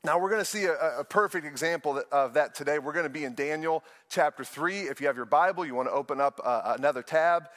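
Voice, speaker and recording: A young adult man preaching a sermon to an online audience, telling stories with lively acted-out voices. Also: fairly high pitch, fast, few pauses. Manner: animated storytelling, acts out voices in anecdotes. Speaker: pastor.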